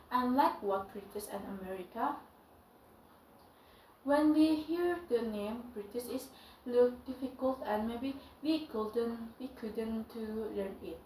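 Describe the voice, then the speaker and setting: A young woman with an Indonesian accent teaching English, switching back and forth between English and Indonesian in halting phrases. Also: on the high side, a little mellow, distant mic, slight background noise. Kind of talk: bilingual lesson. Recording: echoey room, voice from off-mic.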